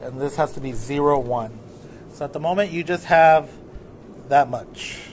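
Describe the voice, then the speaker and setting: A man with a slightly high voice talks through math notes in a loose, casual teaching manner. He keeps checking whether the class is following. A faint hiss sits under his voice. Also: normal speed. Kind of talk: recorded lesson walking through notes.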